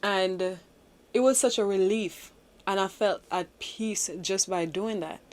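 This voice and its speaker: A woman's voice: medium pitch, unhurried. Young woman vlogging about her faith, earnest and chatty, lots of likes and ums. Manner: earnest, confiding, many fillers. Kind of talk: personal faith vlog.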